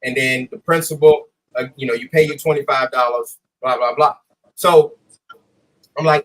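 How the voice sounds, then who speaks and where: A man, a former high school baseball coach, telling a story in a casual interview, acting out the dialogue and swearing freely. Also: fairly even intonation, moderate pace, fairly bright tone, poor audio.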